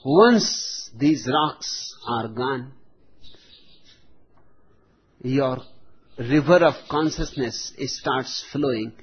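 A man giving a spiritual discourse with jokes, speaking in slow, measured, drawn-out phrases with long pauses. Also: medium pitch, expressive, husky. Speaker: spiritual teacher. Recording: dull lo-fi recording.

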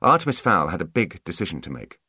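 A male narrator reading a novel aloud in a measured, expressive way. His voice sits on the low side and moves widely in pitch. The recording is dry and close, with no room echo. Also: husky. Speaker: audiobook narrator. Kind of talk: scripted narration.

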